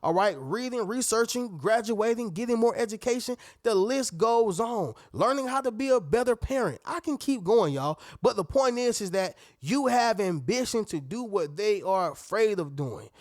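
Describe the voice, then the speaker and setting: Preachy man with a high, dry voice. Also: moderate pace, hardly any pauses, no room sound. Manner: animated, preachy, calls out to his audience. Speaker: motivational speaker. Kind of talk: preachy motivational talk.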